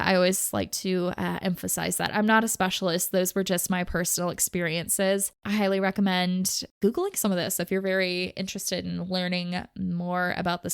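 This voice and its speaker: A woman's voice: mid-range voice, fairly bright tone, clear, resonant tone, no room sound, studio quality. A woman hosting her own podcast, talking through her thoughts in a rambling, self-questioning way, bubbling over when she thanks listeners. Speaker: podcast host. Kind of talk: casual solo podcast monologue.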